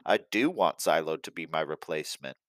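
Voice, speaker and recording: Booming old Santa, read by a man, low voice, dry close sound. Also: lively intonation, fairly quick, no room sound. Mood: warm. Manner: booming, commanding.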